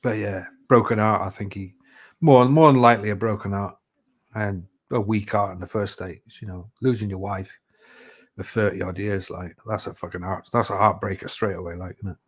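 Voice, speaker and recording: A man's voice: fairly low pitch, steady tone, moderate pace, husky. Rambling, swearing man. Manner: rambling, swears a lot, fillers like "you know". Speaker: live chat host. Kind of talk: casual chat.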